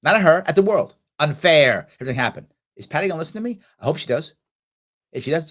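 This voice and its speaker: Animated middle-aged male talk show host. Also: a little high, fast talker. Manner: animated, acts out quoted voices, emphatic. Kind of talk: motivational talk show monologue.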